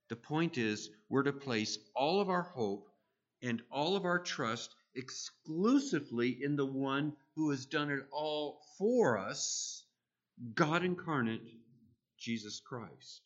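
A man's voice: on the high side, animated, slow pace, fairly bright tone, lo-fi sound. A man preaching a sermon, emphatic and repeating key phrases with rising force.

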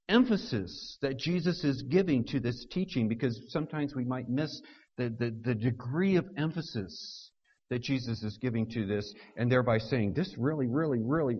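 Man, pastor preaching, higher voice, repeats words for stress, hushed then loud, dull lo-fi sound. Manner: swings between hushed low lines and loud raised ones. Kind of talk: sermon. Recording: dull lo-fi recording.

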